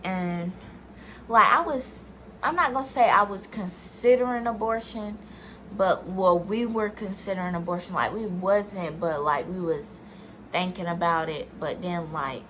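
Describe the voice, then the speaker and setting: This young woman vlogger speaks at a measured pace in a lowish, slightly bright voice over a little hiss or hum. Chatty and rambling, she tells a personal story directly to "y'all," often restarting and dropping in plenty of "like"s.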